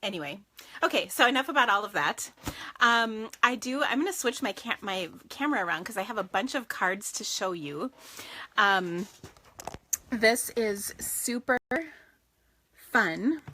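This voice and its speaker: A woman's voice: medium pitch, animated, unhurried, pushed and bright, a little hiss or hum. Chatty gushing woman hosting a craft stream. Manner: chatty and gushing, many fillers and restarts. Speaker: craft show host. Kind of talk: casual live-stream chat.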